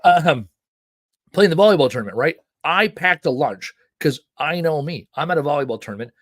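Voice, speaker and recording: A man's voice: on the high side, expressive, brisk, no room sound, clean studio sound. A man of forty hosting a live show, talking in a loose conversational way, full of fillers and rhetorical "right?". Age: 40s. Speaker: host. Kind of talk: casual live-show monologue.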